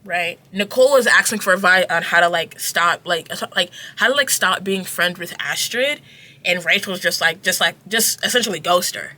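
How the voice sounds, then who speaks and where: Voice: mid-range voice, normal speed, pushed and bright. A young adult giving a casual book review, chatty and full of "like" and "you know what I mean.".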